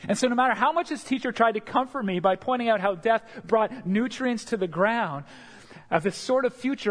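A man preaching a sermon as pastor, earnest and expressive, sometimes repeating words as he builds a point. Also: sits high. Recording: long hall reverb.

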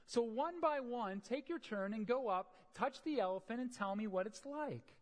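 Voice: medium pitch, expressive, moderate pace, a little mellow, in a large hall, lightly acted. A patient wise king, as a preacher puts him on. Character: wise old king teaching his court.

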